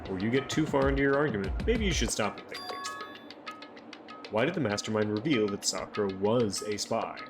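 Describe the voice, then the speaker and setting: Over game music, a man streams a visual novel, voicing every character's lines himself before slipping into loose, sweary chat with viewers between scenes. His voice is fairly low but swoops wildly in pitch, at a moderate pace.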